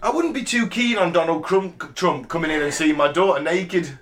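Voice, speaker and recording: A man's voice: fairly high pitch, moderate pace, a bit bright. A man from Britain co-hosting a casual podcast, dry and wry in tone, who also reads out facts to the group. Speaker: podcast co-host. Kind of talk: casual banter.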